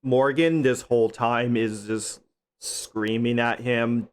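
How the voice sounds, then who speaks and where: A man with a smooth, clear voice speaking slowly on a movie podcast. He chats casually and adds short remarks between his co-host's stories. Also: medium pitch, fairly even intonation. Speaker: podcast co-host.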